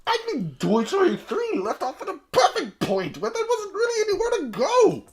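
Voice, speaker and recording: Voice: very high-pitched, huge pitch swings, moderate pace. A podcast co-host in playful, teasing casual chat, laughing often.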